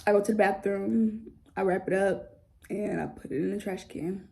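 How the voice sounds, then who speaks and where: A young woman telling a story casually to camera, animated and slangy, swearing often. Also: mid-range voice, normal speed, creaky. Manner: animated storytelling, acts out others' voices. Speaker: vlogger.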